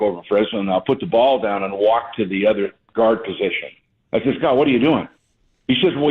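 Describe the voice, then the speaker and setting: Older man on a tinny phone line. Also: medium pitch. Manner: folksy storyteller, chuckling. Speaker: guest, retired basketball coach. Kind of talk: radio interview storytelling. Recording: phone-line call-in audio.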